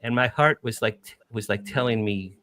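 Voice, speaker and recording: A middle-aged man from New Jersey, a podcast guest, telling an emotional first-person story with animated, emphatic repetition. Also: mid-range voice, moderate pace, dry recording.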